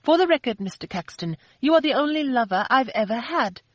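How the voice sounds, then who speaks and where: A woman narrator voicing a spirited, quick-tempered young woman who answers back with sharp, indignant retorts. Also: medium pitch, lively intonation, no room sound, pitched above the performer's own voice, close to an everyday voice, poor audio. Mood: angry.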